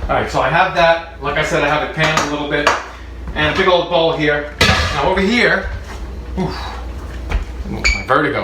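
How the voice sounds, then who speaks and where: A man with a slightly high voice runs a comedic cooking demonstration in his home kitchen. He chats and jokes, laughs at his own lines and repeats his points for emphasis. The kitchen sounds echoey, with clear noise behind him. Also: normal speed, long pauses, a loud crowd. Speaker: cooking show host.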